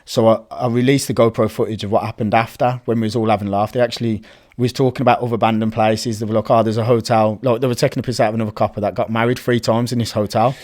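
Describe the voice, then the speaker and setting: A man, a guest telling casual, animated stories and acting out the voices of people he quotes. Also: fairly low pitch, racing. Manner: animated, acts out quoted voices, frequent swearing. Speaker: urban explorer guest. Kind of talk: casual storytelling chat.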